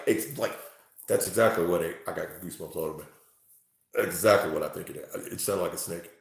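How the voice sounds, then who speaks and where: Man, tarot reader live-streaming, lively swinging pitch, very echoey room, excitable. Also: creaky. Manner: excitable, swears freely, exclaims and laughs. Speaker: tarot reader livestreaming to chat. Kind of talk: casual live-stream chat. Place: at home, indoors.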